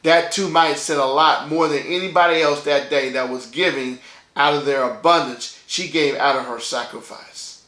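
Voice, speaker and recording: A man's voice: on the high side, normal speed, bright, forceful tone, echoey room. A man delivering a sermon as pastor, in a conversational style, checking in with his listeners by asking "okay?" again and again.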